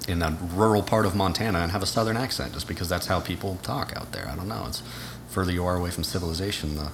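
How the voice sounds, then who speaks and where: Deep-voiced American man telling stories. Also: fast talker, background noise. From United States. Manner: swearing, animated storytelling. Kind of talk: casual chat.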